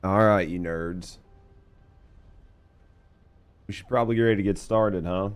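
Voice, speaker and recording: A man's voice: sits low, unhurried, clear, resonant tone. A man hosting a live game stream, chatting casually and thanking viewers by name.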